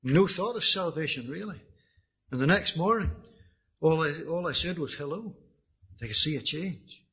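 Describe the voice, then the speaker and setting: A Northern Irish man preaches his own testimony in an earnest, halting way, often repeating words as he restarts. His voice is husky and sits a little high for a man. The recording is dull and lo-fi. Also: expressive. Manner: earnest, with frequent restarts and repetitions. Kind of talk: personal testimony sermon.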